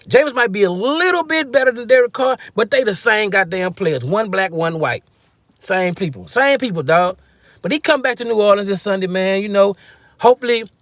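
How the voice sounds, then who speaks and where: A man's voice: high voice, fairly bright tone, no room sound. A man giving a casual, slangy football-fan rant, joking and acting out quotes as he goes. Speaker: sports fan commentator.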